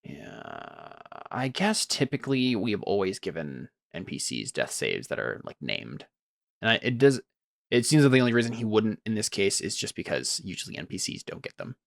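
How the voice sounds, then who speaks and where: Young male game master, animated, dry close mic, chatty and laughing. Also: lowish voice, normal speed, creaky, dry recording. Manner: thinking aloud, laughs often. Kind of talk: running a tabletop game.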